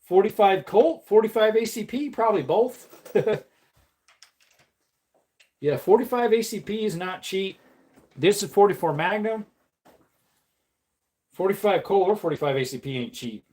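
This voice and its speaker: A woman's voice: mid-range voice, expressive, measured pace, pauses often, warm tone. A woman chatting casually on a livestream while reloading ammunition, playful and laughing often. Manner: playful, laughs often, slips into silly voices.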